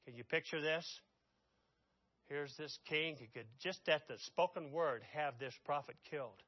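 A man preaching a sermon, telling the story dramatically and swinging from loud outbursts to hushed asides. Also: on the high side, unhurried, no echo, dull audio.

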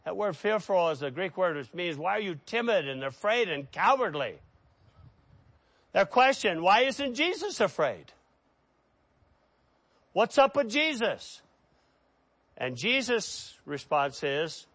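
A man preaching a sermon who reads scripture aloud, raising his voice for the quoted cries and dropping low when he cites chapter and verse. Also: animated, measured pace, long pauses, fairly bright tone, dry recording.

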